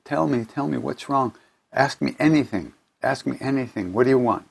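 A man quoting a kindly old saint in his own voice, gently coaxing a crying child and repeating his questions. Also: medium pitch, moderate pace, creaky, slightly rough, pitched above the performer's own voice.

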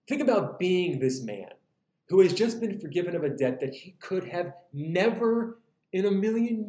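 A man preaching a sermon in an animated, humorous, conversational way. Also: high voice. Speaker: pastor. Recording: roomy echo.

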